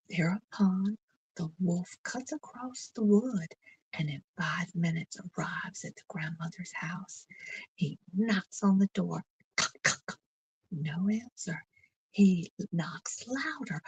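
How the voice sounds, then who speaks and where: A woman storyteller reading a bedtime story aloud in a gentle, soothing way that often sinks close to a whisper. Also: lowish voice, takes it slowly, husky, dry recording, poor audio.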